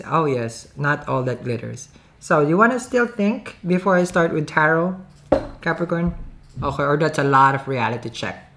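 A woman's voice: extremely low pitch, normal speed, fairly bright tone. A woman giving a casual tarot reading to camera, chatty, often checking in with "okay?" and laughing. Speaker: tarot reader.

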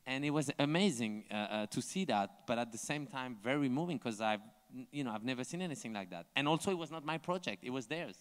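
A man's voice: medium pitch, fast talker, hardly any pauses. French-accented man telling stories onstage. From France. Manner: animated, acts out others' dialogue, laughs often. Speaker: invited artist on a panel. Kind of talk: live onstage storytelling. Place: large museum auditorium before an audience. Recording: long hall reverb from a live auditorium.

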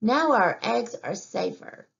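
A woman voicing a sad, fretful mother heron in a higher, pleading storybook voice. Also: very animated, slow pace, gravelly, exaggerated voice. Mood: excited. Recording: dull lo-fi recording.

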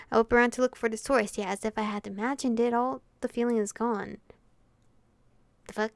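A woman's voice: medium pitch, creaky, no room sound. A woman reading a visual novel aloud, giggling and stumbling over names, with music playing behind her.

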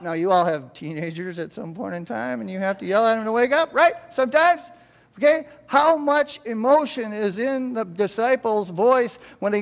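A man's voice: high voice, animated, moderate pace, creaky. An older man preaching a sermon in a church, talking conversationally and checking in with the congregation again and again. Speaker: pastor. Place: church sanctuary. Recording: church hall reverb.

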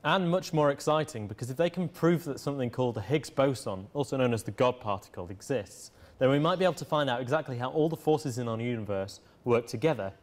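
Young male co-host, steady earnest science news read, mid pitch. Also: quick pace, few pauses. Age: young adult. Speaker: co-host called Prof. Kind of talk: scripted science news reading.

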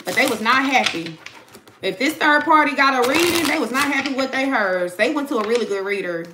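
A woman's voice: high-pitched, expressive, fairly quick, background noise. A young woman giving a casual tarot reading to her viewers, chatty and slangy, talking straight to the audience. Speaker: tarot reader.

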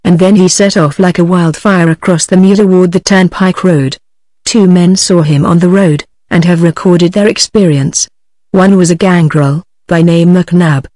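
A text-to-speech woman's voice with a British English accent, narrating an audiobook in an even, synthetic reading. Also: on the low side, no room sound.

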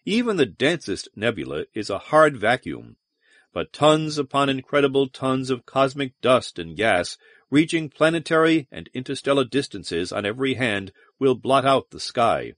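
A man reads an audiobook narration with dramatic expression. His voice moves widely in pitch. The close-miked studio sound is dry. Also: sing-song, normal speed, a bit bright, no echo.

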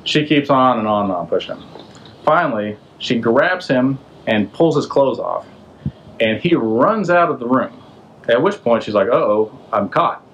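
A man's voice: mid-range voice, expressive, moderate pace, a bit bright, lo-fi sound, slight background noise. A man hosting a podcast, retelling an old story in a casual, slangy way and throwing in rhetorical questions. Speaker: podcast host.

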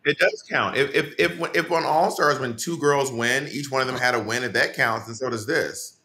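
Sassy bright-voiced man on a call. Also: mid-range voice, moderate pace. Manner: playful, sassy, teasing. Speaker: podcast co-host. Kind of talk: casual recap chat. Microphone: remote video call mic.

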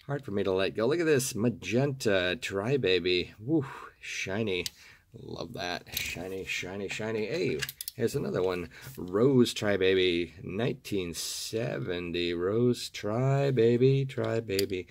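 A hoarse man with a rough, gravelly morning voice talks at his desk, gushing over each item and repeating words with delight. His voice sits fairly low, with a faint hiss behind it. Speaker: toy car collector and seller. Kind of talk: casual video showing off collectibles. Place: home desk.

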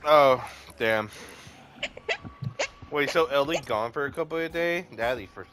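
A man's voice: mid-range voice, measured pace, fairly bright tone, soft background music. A man in casual gaming voice chat, talking in a laid-back, rambling, slangy way. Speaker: gamer.

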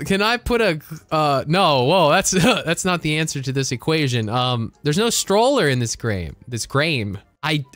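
A man's voice: on the high side, sing-song, measured pace, few pauses, fairly bright tone, no echo. Hyper, goofy male gaming streamer. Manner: hyper, jokey, slips into silly voices and laughs. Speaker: gaming YouTuber.

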